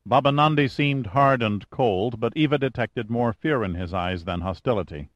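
A man narrating an audiobook with steady, even storytelling. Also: medium pitch, normal speed, no room sound, lo-fi sound. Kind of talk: scripted narration.

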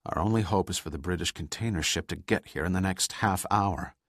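A man's voice: low-pitched, brisk, fairly bright tone, no room sound, clean studio sound. A man doing a weary, grave ship captain. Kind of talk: audiobook character reading.

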